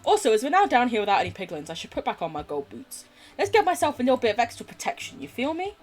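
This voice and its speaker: Talking fast with wildly swooping pitch on the high side, this posh southern English woman chats casually during a gaming stream. She giggles a lot and swears freely.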